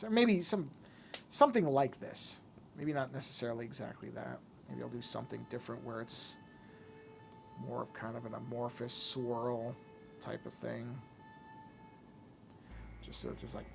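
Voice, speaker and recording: A man's voice: mid-range voice, vocal fry. A man streaming his drawing session, thinking aloud in a casual, hesitant way, often trailing off and restarting his sentences. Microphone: desk microphone.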